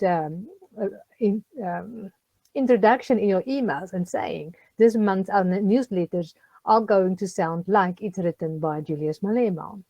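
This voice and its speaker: A woman's voice: medium pitch, mellow, no echo. A woman, a social worker giving a chatty, encouraging tutorial to a group, with many ums and questions to her listeners. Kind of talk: casual recorded tutorial.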